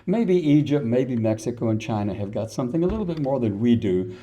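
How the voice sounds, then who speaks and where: An older man lectures on history in a folksy, storytelling way, firing rhetorical questions at his listeners. His voice is deeply dark and mellow, sitting at an ordinary middle pitch for a man. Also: expressive, a little fast, muffled recording. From Texas. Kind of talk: public lecture.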